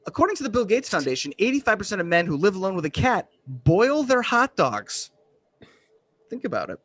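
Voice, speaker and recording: A man from Western Massachusetts doing a deadpan, self-deprecating stand-up set over a video call. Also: high-pitched, a little fast, dry recording. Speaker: stand-up comedian.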